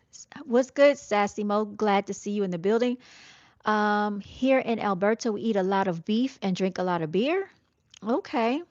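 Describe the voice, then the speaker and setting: A woman's voice: mid-range voice, dry recording. Woman with a Southern accent, livestream host, chatty, dry and dull lo-fi sound. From Jamaica. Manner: chatty, addresses viewers as y'all. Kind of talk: casual livestream chat reading comments.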